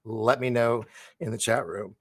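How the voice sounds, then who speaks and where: A man's voice: medium pitch, steady tone, unhurried. A man hosting a livestream in a loose, rambling, chatty way, often laughing as he reads the chat. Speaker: livestream host. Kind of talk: casual livestream chat, reading the chat.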